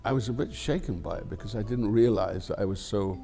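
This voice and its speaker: An older man with a Scottish accent, speaking in a low, gravelly voice. His tone is mellow and dark, and he rambles reflectively. He swears freely and without any fuss in a candid interview. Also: fairly quick, soft background music. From Scotland. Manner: frank and profane, swears freely. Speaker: actor being interviewed.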